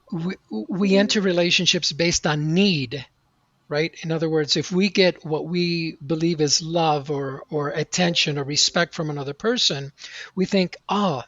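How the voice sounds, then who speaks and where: A man's voice: on the high side, dry recording. Earnest middle-aged man telling his story. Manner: earnest, animated storytelling with reenacted outbursts. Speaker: podcast guest. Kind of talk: storytelling interview answer. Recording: dry, slightly dull audio.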